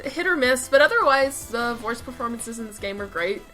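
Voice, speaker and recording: A woman's voice: on the high side, animated, a little fast, pushed and bright, faint music behind, rough recording. A woman co-hosting a podcast in casual chat, opinionated and talkative. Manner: opinionated, chatty. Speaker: podcast co-host.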